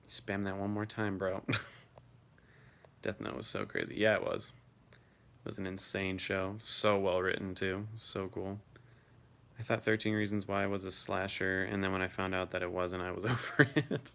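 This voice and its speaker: A man's voice: sits low, vocal fry, fairly bright tone. A man hosting a casual live stream, reading viewers' messages aloud and answering them offhandedly.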